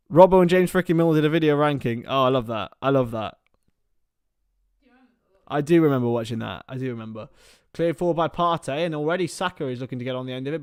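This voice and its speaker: A man streaming live fan commentary on a football match, excitable and rambling, chatting with his viewers between calls of the play. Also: on the high side, clear, resonant tone, dry recording, studio quality.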